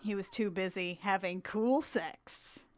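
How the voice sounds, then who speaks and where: A woman's voice: medium pitch, takes it slowly. A woman co-hosting a podcast, chatting casually and laughing often about a film. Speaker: podcast host. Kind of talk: casual movie-review chat.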